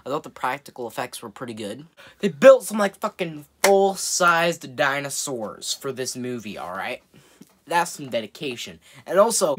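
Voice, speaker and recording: A man's voice: mid-range voice, a bit bright, slightly rough. Man rambling through a movie review. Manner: rambling and amused, laughs often, swears casually.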